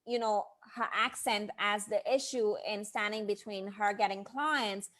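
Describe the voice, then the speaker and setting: A woman hosting an interview podcast as a brand coach, telling stories with lively quoted asides. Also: mid-range voice, a little slow. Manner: animated storyteller, quotes people in lively asides. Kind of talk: casual interview chat.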